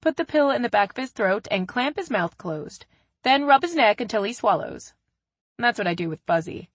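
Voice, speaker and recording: A woman's voice: on the high side, expressive, moderate pace, no echo, voice pushed up. A woman reading the lines of a playful, cheerful young professional woman in a romance story. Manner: cheerful, playful, soft at times.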